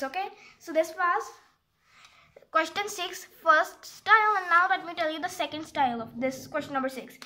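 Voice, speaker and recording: A woman's voice: very high voice, pushed and bright. A woman explaining a geometry exercise step by step in a casual, rambling way, often stopping to correct herself and apologize. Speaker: math tutorial maker.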